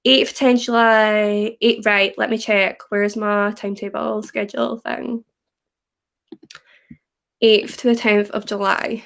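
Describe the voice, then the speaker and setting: A young woman from Scotland with a softened Scottish accent, chatting casually on a livestream and reading viewer comments aloud. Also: medium pitch, level tone, slow, vocal fry. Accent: Scottish, softened by English. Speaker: livestream host.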